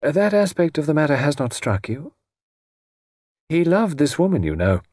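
A calm, knowing gentleman, as a man voices him in an audiobook. His measured delivery rises and falls freely. The voice is slightly husky and dry. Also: on the high side, no echo, pitched above the performer's own voice.

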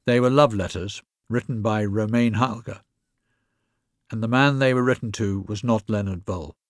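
A man reading a story aloud in a measured, even narration. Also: fairly low pitch, dry recording, clean studio sound. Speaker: reader.

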